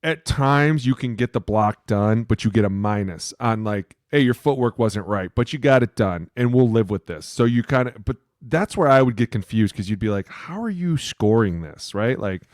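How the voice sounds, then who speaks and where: Lowish, profane, animated male lineman. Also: moderate pace, few pauses, no echo, clean studio sound. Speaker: podcast co-host, former NFL lineman. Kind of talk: casual sports chat.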